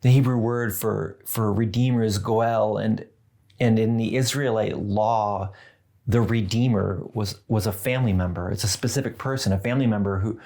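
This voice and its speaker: A man preaching a sermon as pastor, talking in an earnest, conversational way with gently humorous asides. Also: lowish voice, steady tone, normal speed, creaky.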